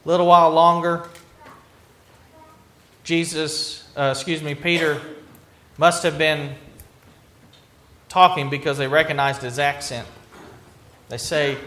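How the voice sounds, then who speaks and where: A man's voice: a little high, steady tone, a little slow, long pauses, a bit bright, slight background noise. A man preaching a sermon, retelling a scripture story earnestly, with frequent restarts. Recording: echoey room.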